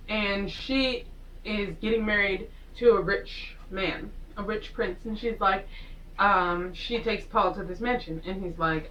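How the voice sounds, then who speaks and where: A woman's voice: mid-range voice, fairly even intonation, unhurried, fairly bright tone, recorded from a distance, highs cut off, a little hiss or hum. A woman casually recapping a film with sarcastic asides, rambling and acting out the characters as she goes. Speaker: vlogger reviewing a film. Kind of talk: casual chatty movie recap.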